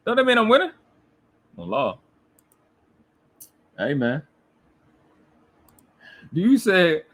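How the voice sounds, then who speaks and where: Husky, animated man mocking and heckling. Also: high-pitched, slow pace, pauses often. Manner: combative, mocking and profane. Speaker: commentary channel host. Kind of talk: reacting to a replayed livestream clip.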